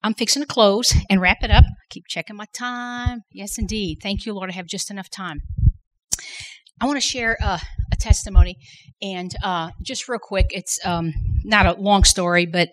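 Middle-aged lady giving a church-style testimony, earnest, lots of restarts, medium pitch. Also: steady tone, normal speed, low-quality recording. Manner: earnest, repeats words for emphasis, many restarts. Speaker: women's conference workshop speaker. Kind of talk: faith testimony talk.

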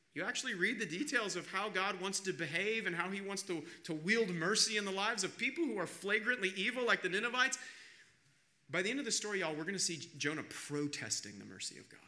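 Emphatic pastor, bright voice. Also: male voice, high voice. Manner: emphatic, swings between loud urgency and hushed appeals. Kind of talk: sermon.

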